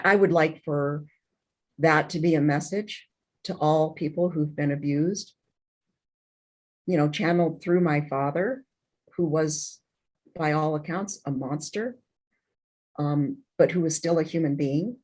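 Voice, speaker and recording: A middle-aged woman, an interview guest, telling a painful personal story in an emotional, halting way, with many restarts and fillers. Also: low voice, a little mellow.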